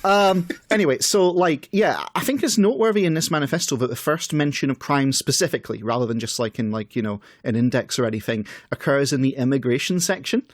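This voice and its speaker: A man's voice: mid-range voice, lively intonation, quick pace, hardly any pauses, no echo. A man co-hosting a casual podcast, reading out manifesto passages and adding wry comments. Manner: wry, reads quotes then comments dryly. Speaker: podcast co-host.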